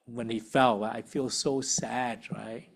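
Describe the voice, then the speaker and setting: Male workshop leader, mid-pitched, chatty and relaxed, checks in with listeners, church group setting. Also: slow pace, creaky. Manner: conversational, frequent tag questions. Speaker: uncle.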